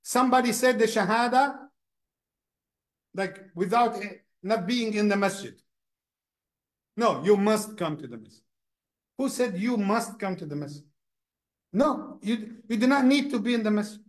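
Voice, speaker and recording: A man gives a lesson as an imam, speaking in a lively, conversational way. He often repeats words while searching for his point. His voice is high for a man. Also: normal speed. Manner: animated, repeats words, acts out people. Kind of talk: mosque lesson.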